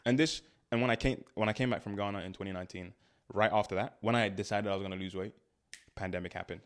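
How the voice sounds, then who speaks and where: A man's voice: fairly low pitch, quick pace. A young man, a guest on an interview show, telling his story in casual chat, laughing often and acting out what people said. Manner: animated storytelling, laughs often, acts out quotes. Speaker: guest, spoken word artist.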